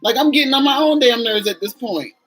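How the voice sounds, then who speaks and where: A woman's voice: on the high side, a little fast, fairly bright tone, husky, soft background music, rough recording. A woman in her forties, a vlogger chatting candidly and emotionally to her viewers while doing her makeup.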